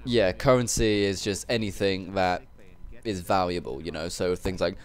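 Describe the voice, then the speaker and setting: A man's voice: low-pitched, steady tone, normal speed, clear, resonant tone. A young man casually commentating a video game, joking and rambling with crude asides. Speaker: gameplay commentator. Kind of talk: casual let's-play commentary.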